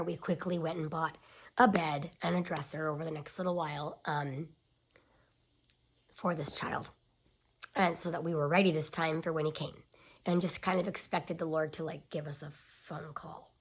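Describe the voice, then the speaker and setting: A woman's voice: sits low, fairly even intonation, moderate pace, a little hiss or hum. A woman in her thirties telling a personal family story in a confiding way, often dropping to a near-whisper.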